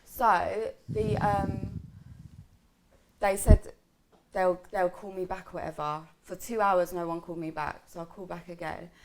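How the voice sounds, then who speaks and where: Animated woman telling a story. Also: lowish voice, measured pace, a little hiss or hum. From South London. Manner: animated, acts out quoted lines, swears. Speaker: vlogger. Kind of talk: casual storytelling chat with friends.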